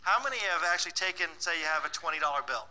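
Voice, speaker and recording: A man's voice: a little high, lively intonation, very fast, pushed and bright, low-quality recording. A man presenting a live financial workshop, teasing and bossing the audience in a playful way and laughing often. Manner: laughs often between remarks.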